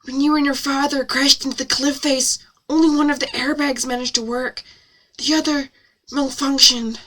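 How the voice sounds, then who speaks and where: A gentle woman doctor, read by a woman, breaks bad news in a slow, drawn-out way. The tone is bright and a little high. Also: steady tone, a little hiss or hum. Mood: solemn.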